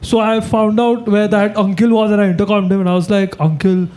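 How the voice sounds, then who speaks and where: High-pitched man with Indian English accent. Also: flat delivery, a little fast, clean tone. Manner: laughs through the story, acts out quoted voices loudly. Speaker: comedian guest. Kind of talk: animated storytelling in a casual comedy chat.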